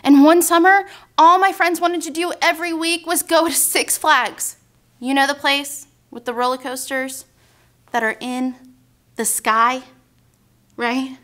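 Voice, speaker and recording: A young woman with a very high, light voice tells a story to a children's church group. She talks in a lively, dramatic way and speaks straight to the kids. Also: measured pace. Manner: animated, dramatic storyteller addressing kids as "guys". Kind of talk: storytelling devotional talk for kids.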